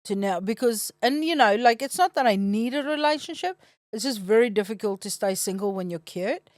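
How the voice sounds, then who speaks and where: A middle-aged woman from South Africa, a comedian guest telling blunt, deadpan stories on a podcast. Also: fairly high pitch, fairly quick, no echo. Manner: blunt, deadpan comic storytelling with quoted voices. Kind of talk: casual storytelling chat.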